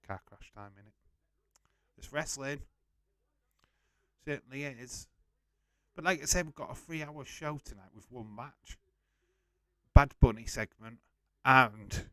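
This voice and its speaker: This wrestling watch-along host has a voice on the low side, recorded without room sound. During his live stream he chats casually and bluntly, swears freely, greets viewers, and reads their comments aloud.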